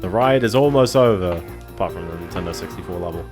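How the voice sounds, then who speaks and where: Low-voiced man rambling over game music. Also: lively intonation, fast talker. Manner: rambling, hedging, chuckles to himself. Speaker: game streamer. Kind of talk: casual game-stream commentary.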